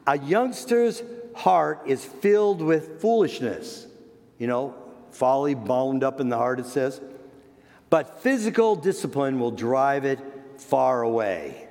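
An older man, a grandparent, giving an earnest sermon on parenting, repeating words and slowing down for emphasis. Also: mid-range voice, sing-song, gravelly, darkish tone. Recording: long echoey hall reverb.

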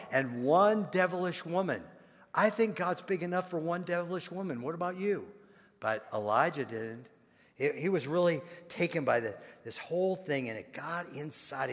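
An older man preaching a sermon in an animated storytelling manner, repeating words and breaking into sudden loud bursts. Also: fairly high pitch, in a large hall. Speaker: pastor.

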